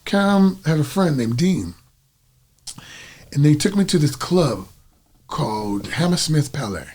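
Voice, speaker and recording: A middle-aged singer from the United States, a guest telling stories in a casual interview and acting out the dialogue. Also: male voice, a little high, a little slow, breathy edge. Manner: animated, acts out quoted dialogue.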